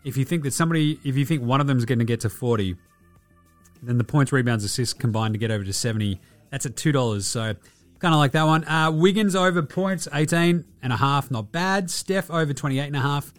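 A man's voice: mid-range voice, fairly quick, no room sound, faint music behind. An Australian man in his thirties hosting a casual sports podcast, sweary, irreverent and rambling. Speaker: podcast host.

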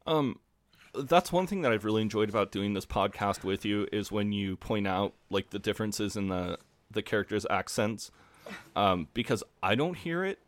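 A man with a Midwestern American accent and a fairly low voice chats on a podcast. The sound is dry and close, and he rambles easily, leaning on "um" and "like.". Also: animated, moderate pace, no room sound. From Midwestern United States. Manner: rambling, laid-back, many fillers. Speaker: podcast co-host. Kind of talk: casual podcast chat.

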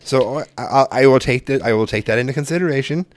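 A man co-hosting a casual podcast, telling parenting stories with lots of swearing and loud bursts when he quotes himself. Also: mid-range voice, fast talker, no room sound. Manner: profane, animated storytelling. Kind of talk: casual chat.

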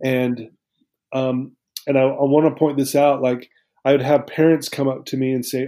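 Earnest man telling his story, mellow voice. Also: mid-range voice, little pitch movement, normal speed. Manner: earnest, emotional storytelling with many restarts. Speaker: guest.

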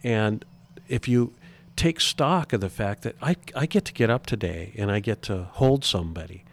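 Earnest low-voiced man, halting restarts. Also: animated. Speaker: guest. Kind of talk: reflective interview talk.

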